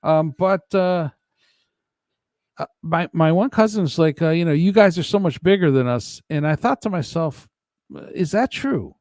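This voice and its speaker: A man's voice: a little high, lively intonation, normal speed, a little mellow, no room sound, studio quality. A man hosting a casual live stream, rambling and chuckling as he talks to his chat by name.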